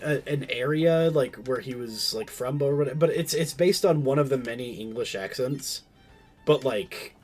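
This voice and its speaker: A man streaming a game, chatting casually in a rambling way, often stopping and restarting his sentences. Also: fairly low pitch. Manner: rambling, self-interrupting, many fillers. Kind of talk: casual stream chat while gaming.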